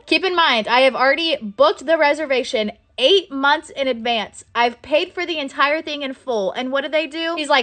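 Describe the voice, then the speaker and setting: Bright, frustrated ranting woman. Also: sits high, normal speed, few pauses. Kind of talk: ranting clip.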